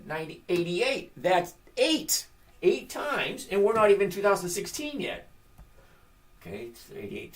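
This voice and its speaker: Blunt trading host, sarcastic and mocking, swinging pitch, screen-share market commentary. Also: fairly bright tone. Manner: sarcastic and mocking, laughs at the numbers; blunt and opinionated.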